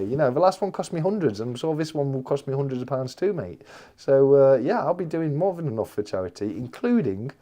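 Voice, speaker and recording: Answering viewers in his casual live chat, this host keeps repeating himself and throws "mate" at everyone. He has a warm tone and a voice that sits a little high.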